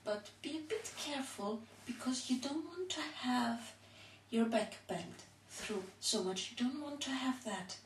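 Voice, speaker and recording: A woman's voice: on the high side, expressive, slight background noise. A woman leading a home tummy workout, counting out the repetitions as she does them and a little out of breath. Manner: slow, counting out repetitions while exercising. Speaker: home exercise instructor. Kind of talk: counting through a workout demonstration. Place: room at home. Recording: echoey room, mic far off.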